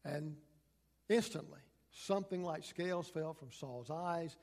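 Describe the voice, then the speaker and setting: High-voiced man preaching in a hall. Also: a little slow, a little mellow. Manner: dramatic scripture reading with voiced quotes. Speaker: pastor. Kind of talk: sermon. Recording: long hall reverb.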